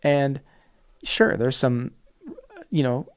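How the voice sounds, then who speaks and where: Speaking slowly in a smooth, medium-pitched voice, a podcast host carries a monologue on his own. He is passionate and emphatic, and now and then mocks opposing views by imitating them in derisive voices.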